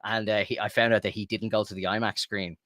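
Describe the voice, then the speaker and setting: On the low side, level and quick, with a slightly bright tone, an Irish man co-hosts a podcast. He swears freely, says "like" often and rambles through stories from his home room in casual talk, captured in clean studio sound with no echo.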